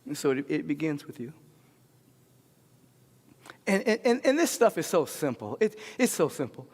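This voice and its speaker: A man delivering an impassioned sermon in a rhythmic, repetitive cadence, swinging between shouts and hushed murmurs. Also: on the high side, sing-song, moderate pace. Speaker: spiritual leader. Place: large spiritual center sanctuary. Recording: long hall reverb.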